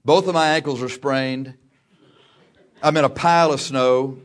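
A man preaching a sermon, telling a personal story with lively delivery, laughing often and shouting at the big moments. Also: medium pitch, a little slow.

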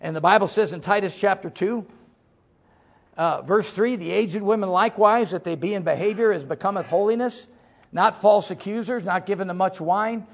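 At a normal pace, a middle-aged pastor delivers a sermon in a gravelly voice. His manner is folksy and full of jokes, with loud emphasis giving way to low asides.

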